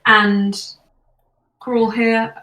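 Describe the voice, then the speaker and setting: A woman game master narrating a tabletop game in a measured, descriptive way. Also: fairly high pitch, little pitch movement, pushed and bright, echoey room, far from the mic, poor audio.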